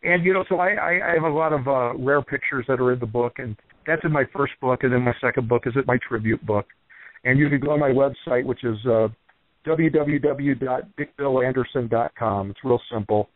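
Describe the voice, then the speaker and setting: A man with a mid-range voice speaks fairly quickly over a tinny, dry phone line with no room sound. He trains wrestlers and is a guest on a casual radio interview, telling rambling, animated stories packed with fillers.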